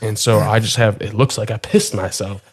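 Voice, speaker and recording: A young man telling stories in a relaxed, casual podcast chat. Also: lowish voice, moderate pace, breathy edge. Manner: laid-back storytelling with frequent likes. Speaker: podcast co-host.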